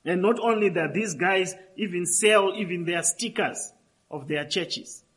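A man's voice: high voice, measured pace, a bit bright, rough recording. A man preaching a sermon, emphatic and repeating phrases for stress.

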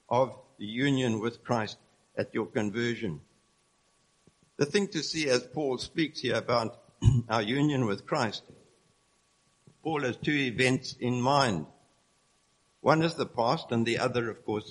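A man's voice: mid-range voice, unhurried, long pauses, rough recording. Man preaching an earnest sermon. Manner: earnest, explanatory, reads scripture aloud.

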